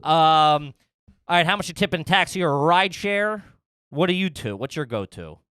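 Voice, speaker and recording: A man's voice: a little high, lively intonation, moderate pace, fairly bright tone, smooth, no room sound, clean studio sound. A man hosting a casual comedy chat, telling a story, acting out other people's lines and swearing freely. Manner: swearing, acts out quotes of others. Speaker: podcast host.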